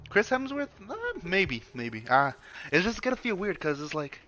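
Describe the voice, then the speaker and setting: A man's voice: a little high, very animated, moderate pace, sharp tone. A young man streaming a game, chatting casually in a rambling, profane way, full of stop-start restarts.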